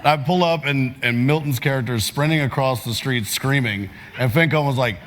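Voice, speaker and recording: A man's voice: mid-range voice, normal speed, fairly bright tone. A man on a convention panel, telling a funny story with energy and laughing along. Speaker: panelist, role-play streamer. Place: large convention hall stage. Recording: convention hall with crowd noise.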